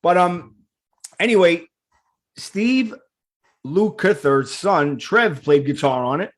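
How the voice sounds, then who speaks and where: A man with a New York accent hosting a casual interview, loud and chatty. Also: fairly high pitch, slow. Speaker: podcast host. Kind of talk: casual interview over a video call.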